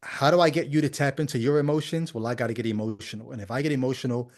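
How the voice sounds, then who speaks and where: A man's voice: medium pitch, steady tone, racing, a little mellow. A man hosting a podcast, giving critical commentary on a video clip in a skeptical, conversational way full of rhetorical questions. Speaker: podcast host.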